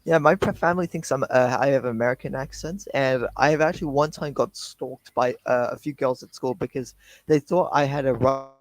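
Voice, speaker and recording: A man's voice: mid-range voice, a little fast, dry recording, low-quality recording. A man from Australia co-hosting a casual live-stream chat, mumbling and often trailing off mid-word before restarting. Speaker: co-host answering viewer questions.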